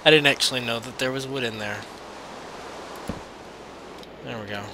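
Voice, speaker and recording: Talking to himself in a rambling way, a man hosts a let's play on his gaming channel and gets startled easily by what happens on screen. He speaks at a medium pitch and normal speed, captured on a noisy amateur mic.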